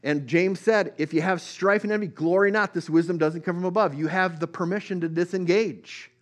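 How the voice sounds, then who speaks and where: Male preacher, slightly high voice, earnest, swells from quiet stories to emphatic points. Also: fairly quick. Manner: earnest, builds from soft storytelling to rising emphatic preaching. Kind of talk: sermon.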